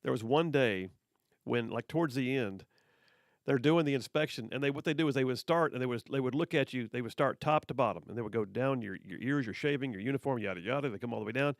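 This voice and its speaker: A man's voice: medium pitch, fast talker, vocal fry, no echo, studio quality. A middle-aged man hosting a radio talk show, telling stories in a casual, chatty way with many restarts. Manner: chatty, repeats words as he goes. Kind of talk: casual on-air storytelling.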